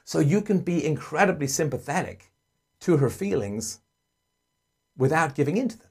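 A man hosting a call-in advice show, earnestly explaining and acting out gentle parent dialogue. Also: a little high, animated, moderate pace, breathy edge.

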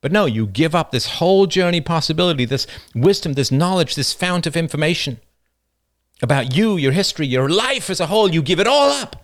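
A man hosts a livestream, delivering an unscripted monologue full of passionate, rambling personal stories that he often laughs at himself. When he quotes other people, he acts them out in a higher voice.

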